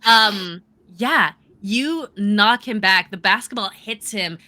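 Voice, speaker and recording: A woman's voice: mid-range voice, slow, bright, forceful tone, dry recording. A woman narrating and explaining rules as game master, casual and chatty with many fillers.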